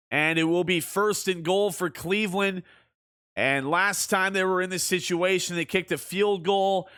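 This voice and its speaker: Young guy doing play-by-play on his stream, high bright voice, gets loud on big plays. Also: clear, resonant tone. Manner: excitable, shouts on big plays. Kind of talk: mock sports commentary over a video game.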